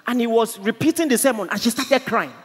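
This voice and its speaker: A man's voice: very high voice, a little fast, husky. A man with a Nigerian accent preaching a sermon in an impassioned, storytelling way. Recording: echoey hall, faint ambience.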